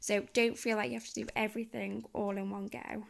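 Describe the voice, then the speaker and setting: A woman's voice: mid-range voice, level tone, brisk, creaky. A woman teacher, patiently guiding parents through phonics sounds and reading activities. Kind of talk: instructional walkthrough for parents.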